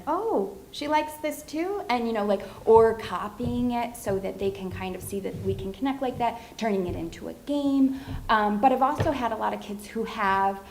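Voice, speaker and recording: A woman's voice: medium pitch, darkish tone, slight background noise, low-quality recording. A woman speech therapist on a library panel, explaining her methods at length and acting out short phrases a child might say. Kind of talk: panel discussion.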